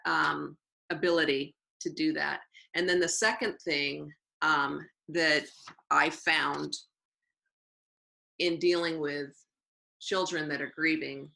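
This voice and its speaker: Over a low-quality recording, a gravelly, deep-voiced woman teacher shares stories in an interview. She brings them to life by acting out quoted dialogue and repeating phrases as she goes.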